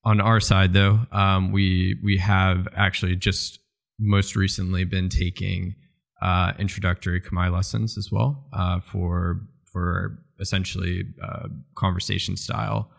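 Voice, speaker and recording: Gravelly deep American man, hesitant. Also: little pitch movement, unhurried. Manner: hesitant, many "um" and "uh", laughs easily. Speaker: podcast guest. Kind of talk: casual interview chat.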